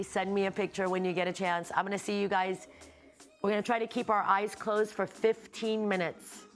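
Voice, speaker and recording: A woman healer and yoga instructor leading a casual guided meditation class from a hotel room, talking in a relaxed, rambling and candid way with the odd swear word. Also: medium pitch.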